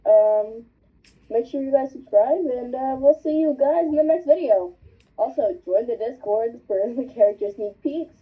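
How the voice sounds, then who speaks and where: A woman's voice: on the high side, moderate pace, husky. A woman hosting a casual chat, bubbly and rambling. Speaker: host. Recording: tinny phone-like line.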